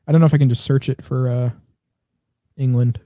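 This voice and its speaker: Mellow-voiced man browsing posts aloud. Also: medium pitch, fairly even intonation, a little fast, dry recording, clean studio sound. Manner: reads posts aloud while scrolling, thinking out loud. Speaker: podcast co-host. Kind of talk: casual podcast chat.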